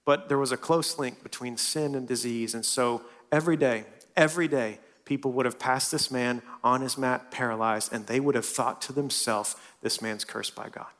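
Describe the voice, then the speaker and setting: A man preaching a sermon in a church, swinging from loud and lively to hushed and soft. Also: medium pitch, moderate pace, few pauses. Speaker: pastor.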